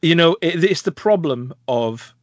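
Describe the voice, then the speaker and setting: A man's voice: on the high side, lively intonation, a little slow, no echo, muffled recording. A man co-hosting a podcast, reviewing a film in a rambling, casual way with many fillers and bursts of laughter. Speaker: podcast co-host.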